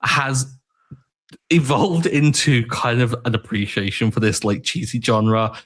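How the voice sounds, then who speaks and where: Young male podcast co-host, relaxed and rambling, mid-range voice. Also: mid-range voice, a little slow. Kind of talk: casual chat.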